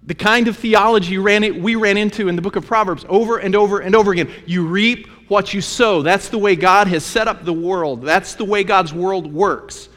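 Male preacher, fairly high voice, emphatic storyteller, long hall reverb. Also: moderate pace, hardly any pauses, a bit bright. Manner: emphatic, repetitive, conversational storytelling. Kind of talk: Bible teaching sermon.

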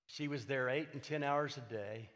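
A man's voice: mid-range voice, moderate pace, a bit bright. An older man, preaching a sermon as a personal testimony, earnest and emphatic with repeated phrases. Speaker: pastor. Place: church sanctuary. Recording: hall reverb.

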